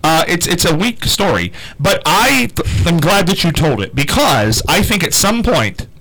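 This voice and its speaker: A male radio host teases his co-host on air, dry and sarcastic. His voice is bright and slightly high for a man. His pitch moves a lot as he jokes. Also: sing-song, measured pace, low-quality recording. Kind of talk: teasing on-air banter.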